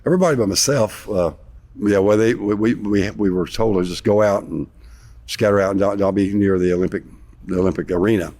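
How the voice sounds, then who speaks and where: Deep-voiced man telling an old story. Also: a little fast. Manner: rambling, animated retelling with sarcasm. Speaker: interview guest, former basketball player. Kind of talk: storytelling in a sit-down interview.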